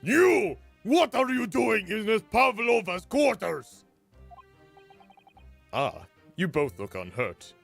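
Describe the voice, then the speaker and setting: A man's voice: high-pitched, big pitch swings, slow pace, gravelly, a bit bright, breathy edge, soft background music, voice pushed up, heavily acted. A man voicing a middle-aged police inspector with a stiff, formal delivery.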